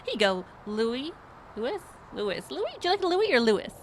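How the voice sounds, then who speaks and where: A woman voicing a bubbly, overly cheerful young woman from HR, with a high, sing-song, gushing voice and faint background noise. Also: big pitch swings, normal speed.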